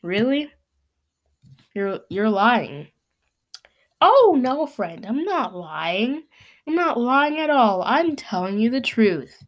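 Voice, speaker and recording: A woman reading hockey stats aloud in a sarcastic, exasperated rant, her voice worn from yelling. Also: on the high side, expressive, slow. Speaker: sports fan commentator.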